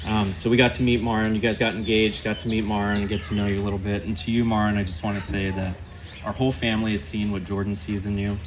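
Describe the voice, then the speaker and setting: A man's voice: fairly low pitch, noisy background. A man in his forties giving a heartfelt, jokey best man toast at a wedding reception, laughing often. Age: 40s.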